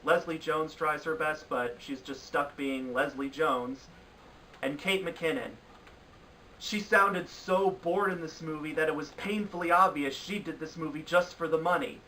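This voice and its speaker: A man's voice: fairly high pitch, a little slow, sharp tone, distant mic, slight background noise, rough recording. A man giving an opinionated countdown of bad films, sounding exasperated and ranting in his critique. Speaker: film reviewer. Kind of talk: opinionated film review countdown.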